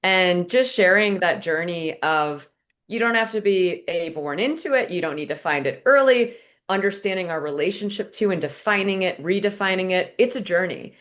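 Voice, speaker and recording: A woman author hosts a virtual fireside chat over a video call. Her voice sits a bit low, and she talks in a chatty, enthusiastic way. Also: lively intonation, normal speed, a bit bright. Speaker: author and host.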